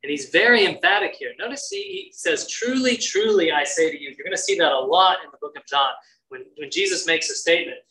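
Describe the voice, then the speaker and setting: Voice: medium pitch, very animated, a little fast, sharp tone, low-quality recording. A preacher giving a Bible-teaching sermon in an emphatic way, repeating key phrases for stress.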